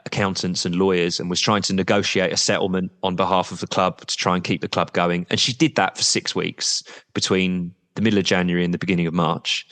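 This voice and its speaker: Man, very low voice, candid, rambling, blunt, long reverb. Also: a bit bright. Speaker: football supporters' trust representative. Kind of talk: podcast interview guest.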